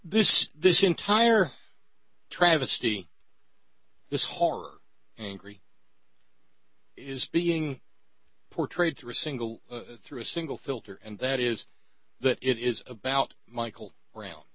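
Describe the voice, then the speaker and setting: A man's voice: medium pitch, lively intonation, takes it slowly, pauses often, no room sound, muffled recording. A man speaking emphatically in a heated conversation, often stammering as he restarts his sentences.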